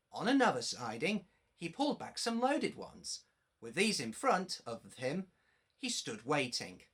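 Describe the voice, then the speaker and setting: Man reading a kids story aloud, slow and bright, super expressive. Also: a little high. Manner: slow, animated, addressing children. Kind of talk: children's storybook read-aloud.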